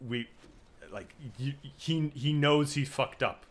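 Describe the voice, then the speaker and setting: A man's voice: mid-range voice, slow. A man co-hosting a casual game podcast, telling the story with energy, cursing freely and acting out the scenes. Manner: animated storyteller, swears, acts out scenes. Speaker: podcast co-host.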